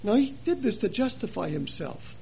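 A man preaching a sermon in a chapel, earnest and full of rhetorical questions, his loudness rising and falling for emphasis. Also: high voice, sing-song, moderate pace, creaky, slight background noise.

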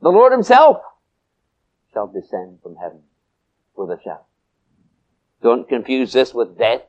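A man preaching a sermon, swinging from loud emphatic peaks to soft low asides and stretching key phrases. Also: unhurried, highs cut off.

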